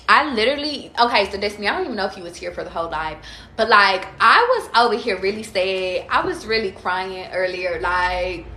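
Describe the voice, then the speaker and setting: A woman's voice: medium pitch, sharp tone. A woman giving a casual live tarot reading, chatty and emphatic, swearing freely and calling out viewers by name. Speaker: tarot reader on a livestream. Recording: echoey room with faint noise.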